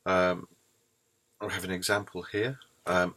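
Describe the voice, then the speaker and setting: A man's voice: low voice, fairly even intonation, measured pace, bright, forceful tone. A man giving a screencast lecture on poetry, thoughtful and explanatory, with frequent ums and restarts. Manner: hesitant, many ums and restarts.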